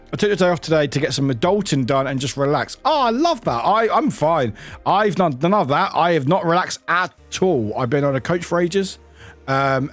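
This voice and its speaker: Lively, animated male streamer. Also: a little high. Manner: animated, rambling, laughs often, swears casually. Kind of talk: casual chat with viewers while streaming a game.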